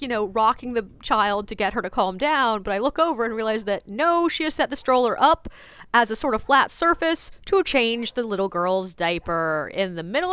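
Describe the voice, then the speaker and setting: A woman who works as a ghost tour guide, telling stories from her tours in a chatty, wry, animated way. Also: fairly high pitch, clean tone, no room sound. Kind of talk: casual storytelling vlog. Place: French Quarter, New Orleans.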